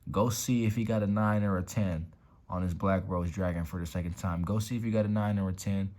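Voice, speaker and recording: A man with a notably deep, low voice hosts a relaxed showcase of his card collection from a room at home. He talks in loose slang, swears casually, and sometimes sinks to a hush while admiring a card. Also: fairly quick. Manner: laid-back slangy talk, swears, drops to whispers over cards. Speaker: YouTube card-collection host.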